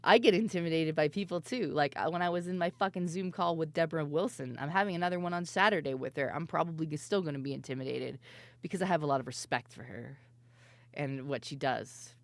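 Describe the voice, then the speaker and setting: Woman vtuber chatting on stream, voice kinda fried and hoarse, laughs a lot, swears, dry sound. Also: deep voice, fast talker, no echo. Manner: laughs often, swears freely, lively storytelling. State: hoarse, voice worn out. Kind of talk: casual stream chat.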